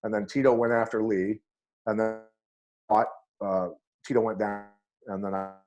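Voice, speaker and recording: A man's voice: fairly low pitch, measured pace, lo-fi sound. Blunt middle-aged man telling fight stories. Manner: blunt and animated, acts out voices in his anecdotes. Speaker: guest, MMA coach. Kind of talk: storytelling on a podcast interview.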